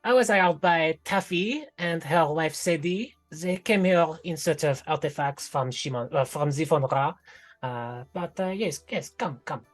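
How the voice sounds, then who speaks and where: Man doing a halting, formal female camp guard. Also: fairly high pitch, soft background music, voice pushed up, close to an everyday voice. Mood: courteous. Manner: halting, formal and courteous, many fillers. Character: polite female camp guard, middle-aged, hesitant and formal. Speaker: game master voicing a character.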